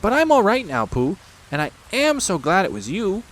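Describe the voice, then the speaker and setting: A tiny, timid little pig with a very high, squeaky voice that trembles with nerves. His voice leaps far above the narrator's, loud and quavering, for a bedtime storybook. Soft rain patters faintly behind him. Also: huge pitch swings, moderate pace, a little hiss or hum, full character voice. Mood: nervous. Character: tiny timid young male piglet, anxious.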